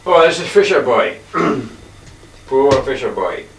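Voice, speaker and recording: An older man talks his halting, wandering way through his paintings, often clearing his throat. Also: medium pitch, very animated. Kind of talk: rambling casual reminiscence. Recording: echoey room, distant mic, faint hiss.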